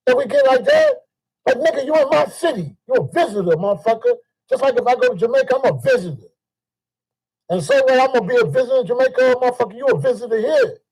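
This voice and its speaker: An older man. His voice sits high for a man. He delivers a heated, profane monologue and circles back to the same points again and again. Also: animated, fast, darkish tone, husky, low-quality recording. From Chicago. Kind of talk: ranting monologue.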